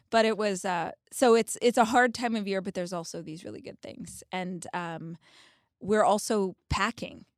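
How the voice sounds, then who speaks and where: A woman in her forties hosting a podcast, telling stories in an animated, expressive, casual way. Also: mid-range voice, normal speed, no echo, studio quality. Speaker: podcast host. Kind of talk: casual chat.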